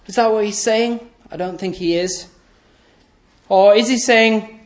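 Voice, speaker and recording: A male preacher with a slightly high voice delivers an emphatic sermon. He repeats key phrases, poses rhetorical questions, and lets his sentences fall away low and soft. The room around him is echoey. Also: fairly even intonation, normal speed. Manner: voice often drops low and soft at the end of phrases.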